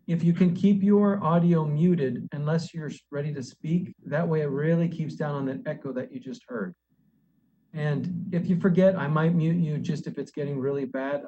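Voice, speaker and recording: Soft-spoken man explaining meeting procedure. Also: medium pitch, muffled recording, slight background noise. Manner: procedural, polite, halting with restarts. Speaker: city planning staff presenting to a board. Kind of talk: virtual public meeting presentation.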